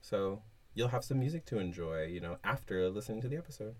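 A man with a very low voice co-hosting a casual podcast. His pitch swings widely, and he backs up his partner with frequent short agreements. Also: expressive, fast, a little mellow. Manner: affirming, backchannels often with yeah and mm-hmm. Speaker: podcast co-host. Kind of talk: casual chat.

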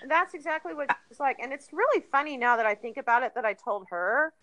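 A woman's voice: high-pitched, fast, no echo, poor audio. A woman in her thirties, a guest telling a candid personal story in an earnest, chatty way. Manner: earnest, chatty, animated retellings with laughs.

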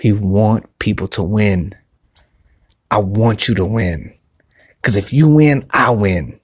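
A man hosting a podcast, giving earnest, repetitive motivational talk in a soft voice, recorded on his phone outside on a patio. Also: fairly low pitch, takes it slowly, breathy edge, no room sound, clean studio sound. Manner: earnest, repetitive, restarts often; speaking softly. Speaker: podcast host. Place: outdoor patio by a pool at night.

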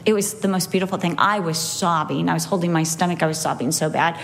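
A woman's voice: on the low side, quick pace, gravelly, slight background noise. A woman in her fifties teaching a church group, telling personal stories with feeling and acting out the voices of the people she quotes. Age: 50s. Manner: emotional storytelling with animated quoted voices. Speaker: Bible teacher. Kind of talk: women's Bible teaching talk.

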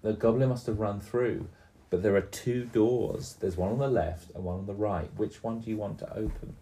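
A game master in his fifties narrates a tabletop game for a small child, his voice slow, gentle, and on the low side. He often stops to ask her questions, and a faint hiss or hum sits under the recording.

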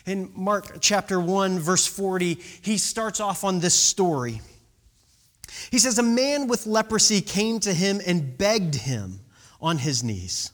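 A preacher giving a casual, conversational sermon with a lively, swooping pitch. They keep asking the congregation rhetorical questions and now and then sink into a hushed whisper to stress a point. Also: a little slow. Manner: animated, rhetorical questions, drops to whispers for emphasis.

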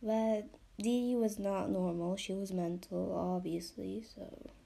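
A woman's voice: mid-range voice, steady tone, measured pace, vocal fry, warm tone. A young woman hosting a podcast in a casual, rambling way, full of fillers and swearing, sometimes dropping into a whisper. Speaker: podcast host.

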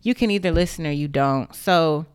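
A woman's voice: deep voice, moderate pace, clean tone, no room sound, studio quality. A young woman giving an impassioned, indignant monologue straight to the camera, blunt and emphatic, with swearing.

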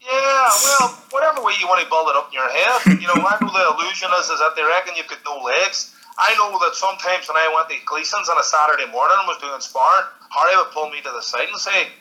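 Bright-voiced Derry man, lively storyteller. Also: on the high side, fast, few pauses, poor audio. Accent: Northern Irish, Derry. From Northern Ireland (Derry). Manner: lively storyteller, laughs often, acts out quotes. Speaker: guest, former boxer. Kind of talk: casual interview chat.

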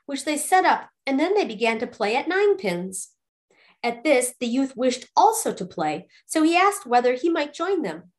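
A woman storyteller reading a ghost fairy tale aloud in an expressive, lively way. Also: sits high.

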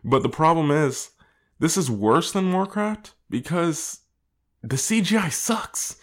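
A man reviewing a movie in casual chat, animated, laughing often and using many fillers. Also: a little high, slow pace.

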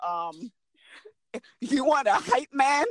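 Woman, podcast co-host, casual chat, lively storyteller, very expressive pitch. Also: slow pace, no room sound, low-quality recording. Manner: animated storyteller, laughs a lot, acts out friends.

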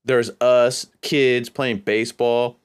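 A man's voice: medium pitch, flat delivery, slow pace, smooth. A man from California hosting a podcast, telling a long, rambling, profane story in a casual, laid-back way. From California, USA. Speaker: podcast host.

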